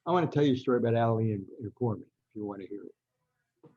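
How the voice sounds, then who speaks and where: As a podcast guest, an older American veteran writer spins rambling anecdotes in a storytelling interview, often restarting his sentences. His voice is fairly low and dark in tone, and he talks fast. The audio has its high end cut off.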